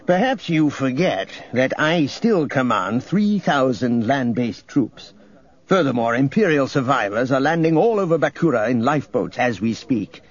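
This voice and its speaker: A man's voice: medium pitch, lively intonation, normal speed, dull audio, close to an everyday voice. A man voicing a heavy, smug imperial governor in an audiobook reading, speaking with placid condescension.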